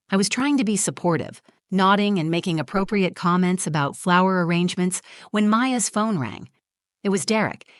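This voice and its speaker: Lowish, dry-voiced woman narrator. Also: normal speed, no echo. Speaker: story narrator. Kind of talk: scripted first-person narration.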